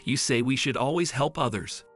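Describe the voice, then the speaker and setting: A man's voice: medium pitch, moderate pace, fairly bright tone, faint music behind, close to an everyday voice. A man voicing a sweet, sad little girl who talks in an earnest, pleading way.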